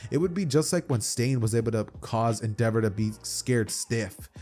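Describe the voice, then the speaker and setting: A man's voice: medium pitch, expressive, normal speed, a little mellow, faint music behind. A young man casually narrating a fan story, rambling with slang and restarts.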